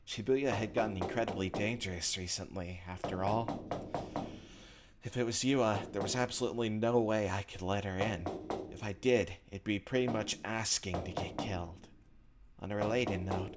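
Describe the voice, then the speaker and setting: Low-voiced man reading a visual novel aloud. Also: very noisy. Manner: casual, offhand asides between read lines. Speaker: let's play host. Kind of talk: casual let's play, reading visual novel text aloud.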